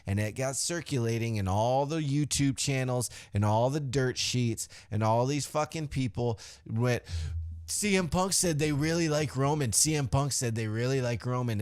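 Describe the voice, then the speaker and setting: A man hosting a podcast, ranting casually and heatedly about wrestling, swearing often and getting animated. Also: medium pitch, clear, resonant tone. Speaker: podcast host. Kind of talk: casual wrestling commentary rant.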